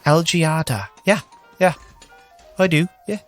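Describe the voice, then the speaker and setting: Stammering young ship's engineer, nervous and eager, voiced by a man a notch above his normal pitch. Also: slow pace, faint music behind. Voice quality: stammering, repeats words. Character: jittery young starship engineer, eager to please.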